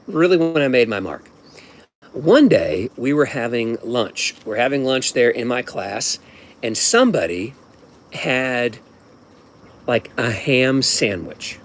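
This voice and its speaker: Man in his fifties, mid pitch, casual rambling storyteller, restarts and asides. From Ohio, USA. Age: 50s.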